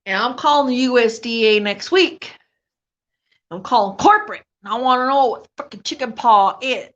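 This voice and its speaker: A middle-aged woman chats in a high, bright voice, taking her time with every rambling complaint. She talks loosely and colloquially. It is a dull, lo-fi home recording. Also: lively intonation, moderate pace. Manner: loud, laughing, Southern-style colloquial rant. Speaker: vlog host. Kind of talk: casual chat.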